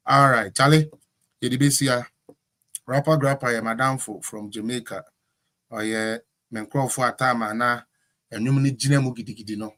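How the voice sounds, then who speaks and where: A man's voice: medium pitch, fairly even intonation, moderate pace, pauses often. A Ghanaian man chats loosely on his own political stream. He rambles and switches between English, local words and a put-on Jamaican patois. He talks in an ordinary mid-range voice. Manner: slips into Jamaican patois with shout-outs. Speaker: political show host. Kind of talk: casual live-stream chat.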